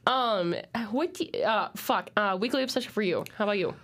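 A young adult woman hosting a casual podcast chat, telling stories in an animated, giggly way and swearing often. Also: mid-range voice, brisk. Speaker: podcast host.

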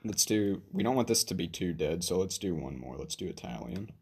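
A man's voice: sits low, expressive, brisk, creaky, slightly rough. A man hosting a casual video, joking and rambling with a friend. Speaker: video host. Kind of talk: casual chat.

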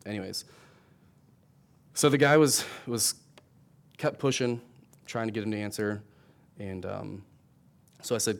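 A man's voice: on the low side, moderate pace, creaky, pauses often. A young adult man preaching a sermon in a conversational, storytelling way, building to emphatic points. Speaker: pastor.

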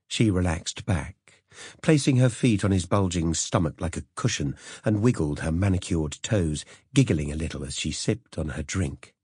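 A man narrating an audiobook in a measured storytelling manner. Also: low voice, darkish tone, breathy edge, no echo, clean studio sound. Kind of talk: scripted narration.

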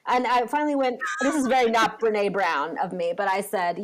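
A woman's voice: medium pitch, steady tone, normal speed, hardly any pauses. A woman in her thirties, a podcast co-host and parent, chatting casually and telling a story with lots of fillers. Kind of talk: casual chat.

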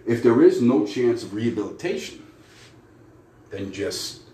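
A man's voice: mid-range voice, big pitch swings, a little slow, warm tone. A man hosting a podcast, ranting angrily and sarcastically with a lot of swearing. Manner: angry, profane, sarcastic ranting. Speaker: podcast host. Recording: echoey room with faint noise.

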